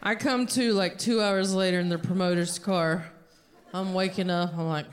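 A woman stand-up comedian telling a story on a theater stage with an animated delivery, exclaiming her punchlines into a handheld mic. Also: on the low side, moderate pace, slight background noise. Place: theater stage before a live audience.

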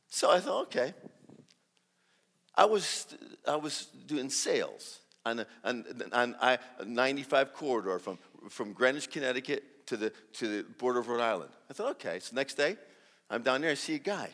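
A man giving a sermon as a guest preacher, telling a story and acting out the dialogue with lively energy and many restarts. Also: medium pitch, normal speed, in a large hall. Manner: animated, acts out dialogue, restarts often. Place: large church hall.

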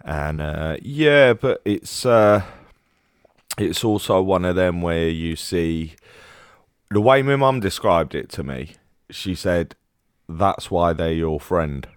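Cockney man, podcast co-host, laid-back, very deep voice, dry close sound. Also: lively intonation, takes it slowly, clean tone, no room sound. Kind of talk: casual podcast chat.

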